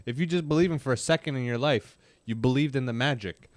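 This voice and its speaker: A man's voice: mid-range voice, fast, dry recording. A man co-hosting a podcast in casual chat, cracking crude jokes. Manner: joking, crude interjections. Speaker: podcast co-host.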